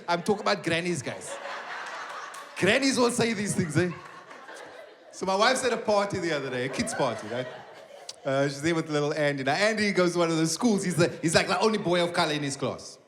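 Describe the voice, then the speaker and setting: Animated South African stand-up comedian. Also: male voice, sits high. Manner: animated storytelling with acted-out voices and asides to the crowd. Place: live comedy venue with an audience. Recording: loud live crowd and background noise. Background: audience laughter and applause.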